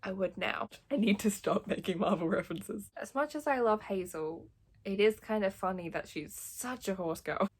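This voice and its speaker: A young woman with an Australian accent chats and reads aloud in a casual vlog. Her voice has a gravelly fry, and she gushes excitedly, laughs a lot, and swears offhandedly. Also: mid-range voice, moderate pace. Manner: laughs often. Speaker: book vlogger.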